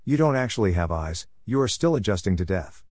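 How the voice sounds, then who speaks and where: A stubborn old hand of a genie, flippant and grumbling, who shrugs off every order, as a man reads him out. The voice is lowish and dry, recorded up close with no echo. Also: very animated, fairly quick, darkish tone. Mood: sarcastic. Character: stubborn, sarcastic, experienced male genie.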